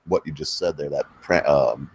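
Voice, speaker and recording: A middle-aged man hosts a casual chat show, posing meandering questions and drifting off into rants. He speaks at a moderate pace in a husky, rumbling low voice.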